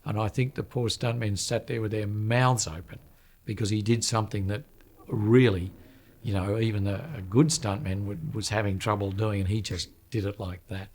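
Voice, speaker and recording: A man from the film crew recalling a stunt in a plain, steady way with a few fillers. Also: on the low side, normal speed.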